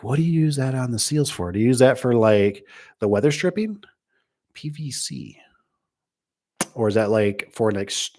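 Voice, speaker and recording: A middle-aged man who owns a garage door business tells stories casually to a live chat in a fairly low-pitched voice. He rambles and jokes, with many restarts and asides.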